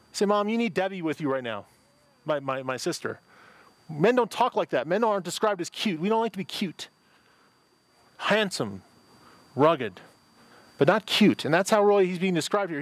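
A middle-aged man gives a sermon in a rather high voice. He reads scripture and then breaks into loose, chatty asides. The sound is dry and close, with no room echo. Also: lively intonation, fairly quick. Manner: conversational preaching with asides and repetitions. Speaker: pastor. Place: church service with a parking-lot and online audience.

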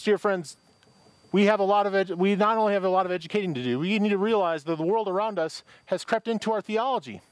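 A middle-aged man from Michigan delivers a sermon in a high-pitched voice. He talks to the congregation like he's telling a story, with casual asides and restarts. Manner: conversational, anecdotal preaching with restarts. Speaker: pastor.

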